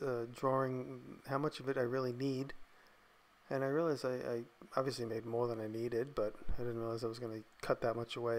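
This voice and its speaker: A man casually narrating a voice-over of his workshop build, thinking aloud in a relaxed, tired way. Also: medium pitch.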